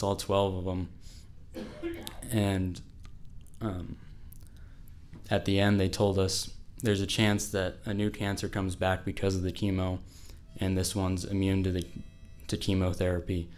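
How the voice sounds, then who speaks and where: A man's voice: sits low, darkish tone, a little hiss or hum. A teenage boy telling a personal story to an audience, casual and full of "like.". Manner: casual, fills speech with "like".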